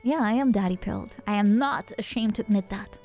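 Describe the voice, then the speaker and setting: A woman's voice: mid-range voice, brisk, darkish tone, faint music behind. A woman streamer chatting casually with her viewers, laughing often and greeting them by name. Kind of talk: casual livestream chat.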